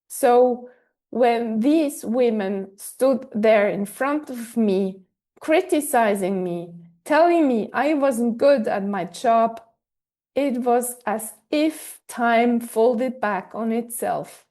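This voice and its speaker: A woman podcaster narrating a personal story in a measured, scripted way. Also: on the high side, warm tone. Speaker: podcast host and author.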